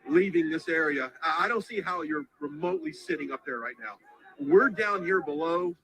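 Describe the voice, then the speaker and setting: A man reporting live from a crowd outdoors, talking in halting, breathless bursts as he reacts on the spot. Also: a little high. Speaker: field reporter. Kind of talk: live on-scene news commentary. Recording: noisy outdoor crowd recording.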